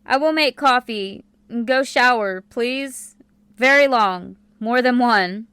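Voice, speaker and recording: A woman reading a calm, blunt young woman of twenty in an audiobook, firm and matter-of-fact. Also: a little high, slow pace, smooth, no room sound. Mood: bossy, teasing.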